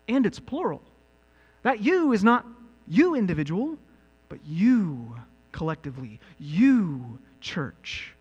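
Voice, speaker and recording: A man preaching a sermon as pastor, animated and building to emphatic peaks. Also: high voice, takes it slowly, breathy edge. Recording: long reverb with mains hum.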